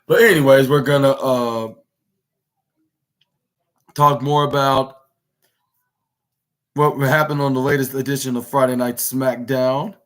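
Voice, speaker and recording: A man's voice: medium pitch, steady tone, unhurried, pauses often. A male podcast host giving a casual, rambling wrestling recap that often stops to correct itself.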